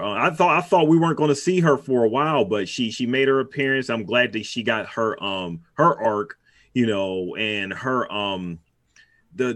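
A man's voice: mid-range voice, fairly bright tone, dry recording. A man chatting casually on a podcast, rambling with many restarts and fillers. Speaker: podcast co-host. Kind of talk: casual chat.

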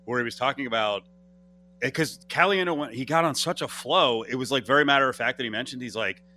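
A man hosting a sports talk radio show, telling stories in a lively, animated way with quick restarts. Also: medium pitch, soft background music.

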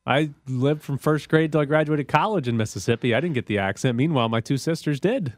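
A man's voice: a little high, a little fast, dry recording. Young male sports radio host, teasing and argumentative, dry close studio sound. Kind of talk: casual sports radio banter. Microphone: studio mic.

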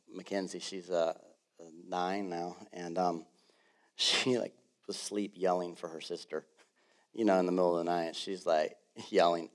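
A man in his thirties, a pastor delivering a sermon in a church, moving from quiet storytelling to loud, fervent preaching. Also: deep voice. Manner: builds from soft storytelling to loud passionate preaching. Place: church sanctuary.

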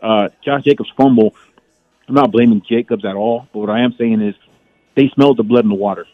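A man's voice: mid-range voice, fairly quick, dry recording. A man calling in to a sports talk show, giving a passionate fan's rallying speech. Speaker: phone-in caller. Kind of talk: casual radio call-in. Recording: phone line.

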